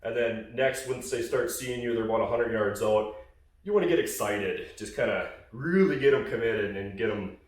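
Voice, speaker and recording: A man's voice: lowish voice, moderate pace, very echoey, far from the mic. A man casually explaining goose calling in a hunting call tutorial, rambling with fillers and restarts.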